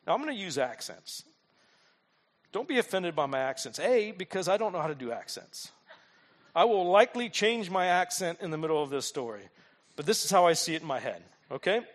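A male pastor preaching with a high, very lively voice. He tells stories with humor and keeps checking in with rhetorical questions. His pitch swings widely from line to line. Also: a little fast. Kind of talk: sermon.

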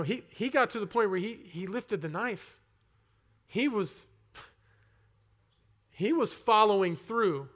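A young man giving a personal testimony sermon to a congregation, earnest and conversational, with halting restarts, rising to loud emphasis and dropping to soft asides. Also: high-pitched. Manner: earnest, swings between loud emphasis and near-whispered asides. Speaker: preacher.

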